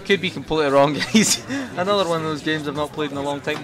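With music playing behind him, a young gamer talks quickly and with few pauses in a voice on the high side. His let's-play commentary is relaxed and jokey, aimed straight at his viewers.

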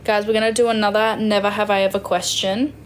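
A woman's voice: medium pitch, flat delivery, fast, a little hiss or hum. A woman in her twenties from Western Australia with an Australian accent, chatting on a phone live stream and answering viewer comments. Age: 20s. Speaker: livestreamer. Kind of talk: casual live-stream chat reading comments.

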